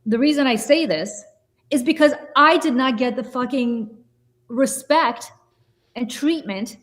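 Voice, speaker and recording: Blunt, fiery woman co-host, higher voice. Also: a little slow. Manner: blunt, profane, fiery storytelling. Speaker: podcast co-host. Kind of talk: heated political podcast talk.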